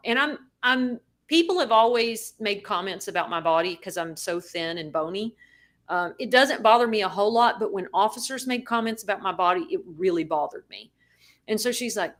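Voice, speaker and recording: A woman co-hosting a podcast, telling a story in a lively way and acting out the people she quotes. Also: medium pitch, normal speed. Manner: animated, acts out quoted voices. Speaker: podcast co-host. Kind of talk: casual storytelling.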